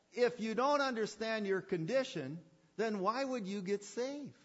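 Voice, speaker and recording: High, husky-voiced male preacher. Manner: emphatic, repetitive, asks rhetorical questions. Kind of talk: sermon. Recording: dull lo-fi sermon recording.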